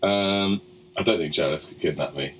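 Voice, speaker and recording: A man's voice: low voice, a little fast, a bit bright, slight background noise, low-quality recording. Joking, foul-mouthed male podcast host. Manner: joking, swears freely. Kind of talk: casual chat.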